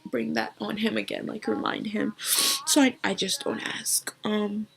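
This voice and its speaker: Young woman telling a hard story, halting. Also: medium pitch, level tone, creaky, a bit bright, low-quality recording. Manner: halting and emotional, many fillers, drops to a whisper. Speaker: vlogger. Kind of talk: personal story told to camera.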